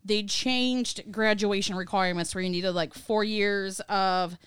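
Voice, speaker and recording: A woman's voice: mid-range voice, steady tone, measured pace, fairly bright tone, clear, resonant tone, no echo. A woman in her thirties from Ohio, chatting casually on a podcast and laughing easily.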